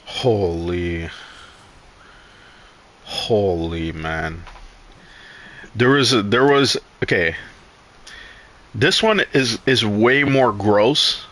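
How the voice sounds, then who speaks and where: Bright-voiced man telling stories on stream. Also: on the low side, very slow, long pauses. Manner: animated, profane, rambling with restarts. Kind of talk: casual storytelling on a live stream.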